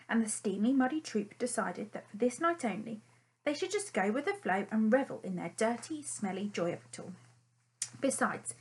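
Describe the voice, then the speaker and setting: A woman narrating a children's storybook chapter in an expressive, animated storytelling manner. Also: on the high side, rough recording. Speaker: audiobook narrator.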